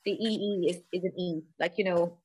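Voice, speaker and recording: A woman's voice: fairly low pitch, fairly even intonation, fairly quick, darkish tone, breathy edge. An Irish woman, a comedian and podcast guest, telling stories in a chatty, self-deprecating way. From Ireland. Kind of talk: casual interview chat.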